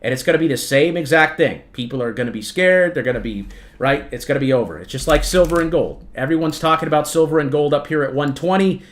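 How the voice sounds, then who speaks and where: A man's voice: on the high side, expressive, fast. A man hosting a trading livestream, giving emphatic market commentary. He calls his viewers "folks" and keeps checking in with "okay?" and "right?". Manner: emphatic, repetitive, peppers lines with "okay?" and "right?". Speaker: trading channel host.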